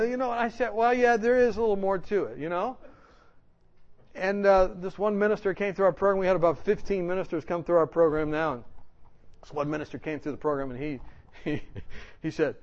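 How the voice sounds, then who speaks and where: Animated high-voiced male preacher. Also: a little fast, dull audio. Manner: humorous, animated storytelling with laughs. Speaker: pastor. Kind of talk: storytelling sermon.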